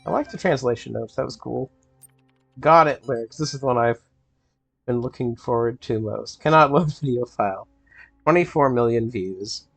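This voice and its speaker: A man's voice: mid-range voice, moderate pace, gravelly, no echo, faint music behind. Man musing aloud in a dry close voice. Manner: reads in-game texts aloud and muses over them; playful, thinks out loud with many fillers. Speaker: let's play host. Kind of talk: casual gameplay commentary.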